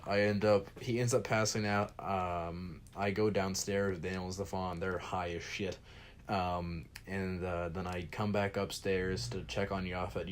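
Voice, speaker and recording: Deep-voiced young man rambling through a story. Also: slight background noise. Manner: rambling, swears freely, speeds up when excited. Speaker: podcast host. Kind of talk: casual storytelling.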